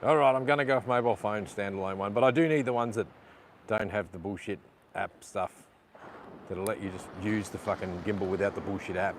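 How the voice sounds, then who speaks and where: A man's voice: lowish voice, steady tone, brisk. A man, live-streaming by the sea while struggling with his camera gear, frustrated and swearing often at it while apologizing to viewers. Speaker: vlogger. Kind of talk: live vlog while fixing a camera gimbal. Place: outdoors by the sea. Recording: outdoor noise with passing vehicles.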